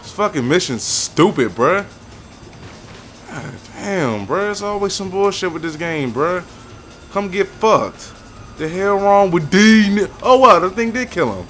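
A young man swearing and venting through gameplay commentary, with loud outbursts that sink into low, weary muttering. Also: lively intonation, unhurried, soft background music. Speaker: gaming YouTuber.

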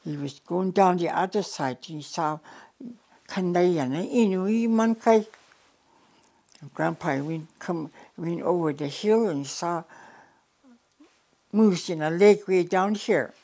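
An older woman from the Yukon with a notably low voice recounts an old family story as an elder storyteller. She speaks plainly and unhurriedly, often going back over her words and starting phrases again. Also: slow, pauses often, warm tone. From Yukon, Canada. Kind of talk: oral storytelling.

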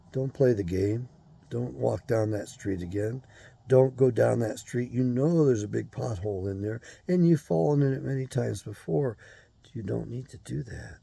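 A man's voice: mid-range voice, vocal fry, warm tone, husky, dry recording. An older man hosting his own show, delivering a blunt, profane, angry monologue. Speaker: show host.

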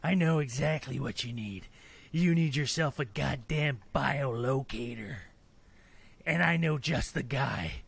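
A man voicing a gruff, constantly swearing government agent in an improvised comedy sketch. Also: mid-range voice, a little slow. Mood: gruff exasperated.

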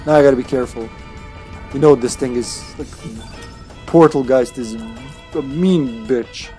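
A man's voice: medium pitch, measured pace, mellow. A man streaming a game live, chatting in a laid-back way, swearing and laughing. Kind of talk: casual live gameplay commentary. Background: game music.

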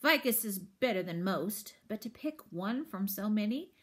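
A woman reading aloud voices a calm, courteous grown man who speaks in a formal, old-fashioned way. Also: mid-range voice, moderate pace, lightly acted. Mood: measured.

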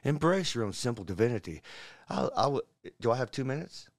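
A man who is a guest on a podcast, telling stories in a rambling, animated way. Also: mid-range voice, brisk, no echo. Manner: animated, jumps between stories and voices. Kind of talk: rambling storytelling interview.

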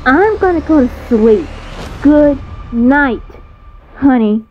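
A woman's voice: high voice, expressive, slow, muffled recording, a little hiss or hum. A woman voicing an angry, protective mother who scolds in an indignant tone. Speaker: voice actor. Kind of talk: roleplay movie voice acting.

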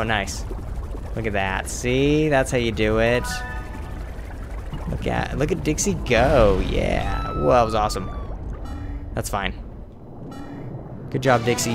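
A man hosting a let's play, casually commenting on his gameplay and talking to the characters on screen. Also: medium pitch. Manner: chatty, talks to the game and its characters.

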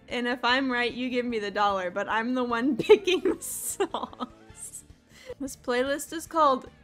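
High bright-voiced girl streamer, giggly and rambly, music in the back. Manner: giggly, rambling, laughs often. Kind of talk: casual livestream chatter.

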